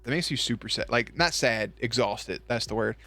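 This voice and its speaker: A man streaming at night, chatting casually with his viewers, swearing, joking and now and then breaking into loud high yelps. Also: moderate pace, soft background music. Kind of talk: casual chat reading out viewer messages.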